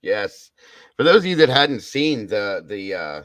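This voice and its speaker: A very deep-voiced man hosts a livestream and talks casually to his viewers, thanking them over and over with open emotion. The sound is dry and close, with no room around it. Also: very animated, unhurried, fairly bright tone, no room sound. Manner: emotional, effusive, repeats thanks and praise. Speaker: livestream host.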